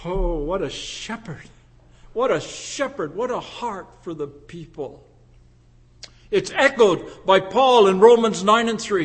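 Man preaching, high voice, slow deliberate delivery, impassioned, loud to hushed swings. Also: lively intonation. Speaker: pastor. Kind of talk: sermon.

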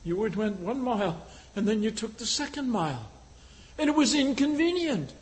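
A man voicing a Roman soldier, speaking in a quiet, marveling way. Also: high-pitched, sing-song, moderate pace. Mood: amazed. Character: gruff Roman soldier, man, grown, astonished.

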